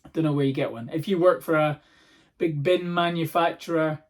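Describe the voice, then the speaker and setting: A man with a slightly high voice, hoarse from a sore throat, rambles through stories on his own podcast. His delivery is animated and sweary. He sounds like a comedian chatting casually. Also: a little fast.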